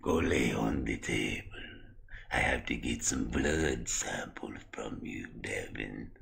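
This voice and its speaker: A shady older trainer, as a man puts him on in a comedy skit, murmuring low and hushed with a gravelly rasp. He sounds sinister and slow. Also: heavily acted.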